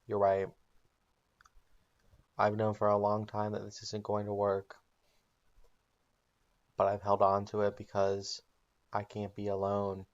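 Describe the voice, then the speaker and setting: A man voicing a grim middle-aged male crime-boss father in a comedic made-up recap, speaking flat and stubborn. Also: on the low side, slow pace, pauses often, lo-fi sound. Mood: resigned.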